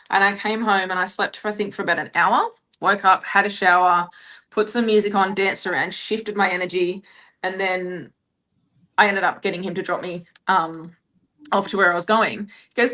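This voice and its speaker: A woman's voice: medium pitch, steady tone, normal speed, bright, forceful tone. Enthusiastic woman coach telling stories. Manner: enthusiastic, storytelling, spiritual wording. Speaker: business and energy coach. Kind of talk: casual podcast conversation.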